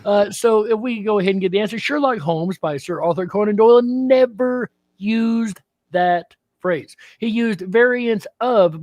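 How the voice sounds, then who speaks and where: A man's voice: high-pitched, darkish tone, no echo, muffled recording. A man hosting a live-stream panel chat, quizzing a guest politely and addressing him as sir. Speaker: quiz host.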